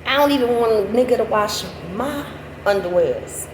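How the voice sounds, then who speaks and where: At normal speed, a middle-aged woman spins a casual, animated story full of free swearing and bursts of high laughter. The sound is echoey, with loud background noise that includes what seem like passing vehicles.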